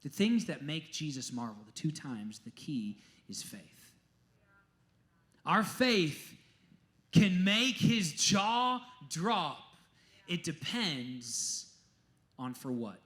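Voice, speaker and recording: A man preaching a sermon as a pastor, telling stories emphatically and dropping to a hush at times. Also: fairly high pitch, slow, long pauses. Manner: animated, emphatic storytelling with sudden drops to a hush.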